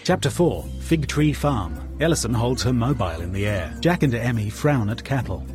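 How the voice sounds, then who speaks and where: A man's voice: medium pitch, animated, normal speed, over music. A man narrating stage directions in a plain, matter-of-fact way.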